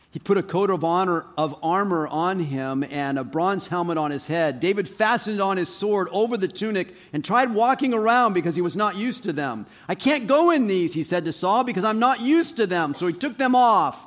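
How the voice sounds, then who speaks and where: Preaching at a moderate pace in a high voice, a male pastor reads from scripture and retells it in a lively storytelling style that moves from loud to soft.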